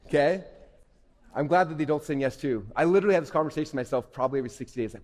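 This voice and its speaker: Fast-talking man presenting in an echoey hall. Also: fairly high pitch, a little mellow. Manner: upbeat, keeps checking in with "okay?". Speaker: workshop presenter. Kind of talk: interactive talk to a youth audience. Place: event hall.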